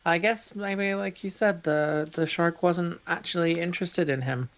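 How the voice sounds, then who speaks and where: A man's voice: a little high, measured pace, fairly bright tone. A man co-hosting a casual film review podcast, laid-back and a little hesitant.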